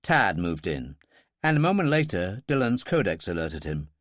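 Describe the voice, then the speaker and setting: A man narrating an audiobook thriller in an expressive, measured way. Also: sits low, no room sound, clean studio sound.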